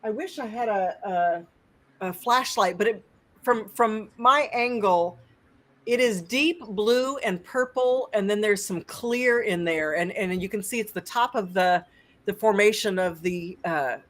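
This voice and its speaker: A woman's voice: medium pitch, measured pace. A woman guest on a live stream, enthusiastically explaining crystals with many restarts.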